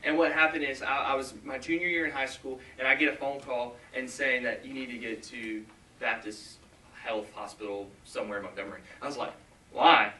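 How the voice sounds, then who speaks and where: A man's voice: medium pitch, fairly even intonation, bright, forceful tone, distant mic, a little hiss or hum. Earnest young man preaching in an echoey hall. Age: 20s. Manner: earnest, halting, with many restarts and asides. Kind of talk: sermon with personal story. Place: large church hall.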